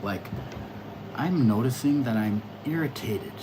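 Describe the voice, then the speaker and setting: Rambling, excitable man hosting a livestream. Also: mid-range voice, a little slow, noisy background. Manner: rambling and reflective, with frequent restarts and stammers; talks loudly and excitedly, addressing viewers in chat. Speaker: livestream host reading astrology charts. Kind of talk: casual livestream monologue.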